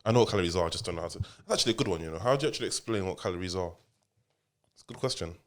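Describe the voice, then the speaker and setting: A man's voice: sits low, expressive, racing. A man hosting a casual podcast as a father, teasing and rambling, often repeating his questions.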